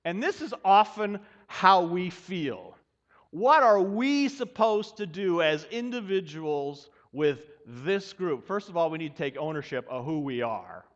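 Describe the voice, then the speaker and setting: A male pastor preaching a sermon in a church, in an animated, folksy and humorous way. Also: a little high. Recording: dull sound with long hall reverb.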